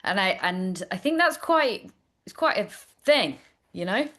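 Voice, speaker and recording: A woman's voice: mid-range voice, sing-song, a little slow, sharp tone. A woman, a chatty guest telling stories in a casual interview. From Nottingham, England. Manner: chatty storyteller, trailing off. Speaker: astrologer guest.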